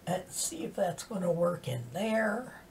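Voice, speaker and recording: Her voice is lowish and a little slow, with lively intonation. This sixty-something makeup vlogger talks casually and softly through a tutorial, slipping into half-whispers while working; the mic is distant, with a faint hiss behind.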